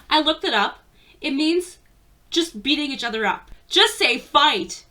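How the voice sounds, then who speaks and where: A woman's voice: high-pitched, expressive, a little slow, sharp tone. Ranting young woman. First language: German. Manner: exasperated, sarcastic, swears freely. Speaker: book reviewer. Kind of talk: casual book rant.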